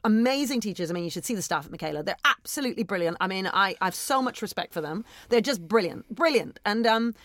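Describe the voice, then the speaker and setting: A woman headteacher, talking in an interview in an emphatic, animated way and often adding "I mean" and "right?". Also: mid-range voice, quick pace, few pauses, dry recording. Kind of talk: interview conversation.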